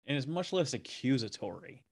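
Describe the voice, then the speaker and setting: A man's voice: mid-range voice, sing-song, normal speed, husky, no echo, clean studio sound. A man in his thirties hosting a podcast interview, chatting casually and with enthusiasm. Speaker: podcast host.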